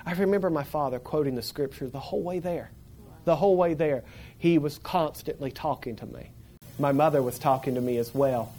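Animated man telling a story. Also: a little high, fairly quick. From Florida panhandle, USA. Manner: animated, laughing, acts out the people in his story. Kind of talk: personal storytelling.

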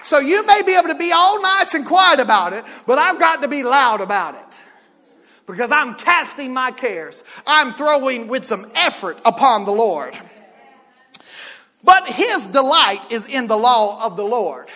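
High-voiced preacher in an echoing hall. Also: male voice, big pitch swings, a little slow. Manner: swings from loud shouting to quiet, intimate talk. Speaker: pastor. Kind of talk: sermon. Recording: long reverb of a church hall.

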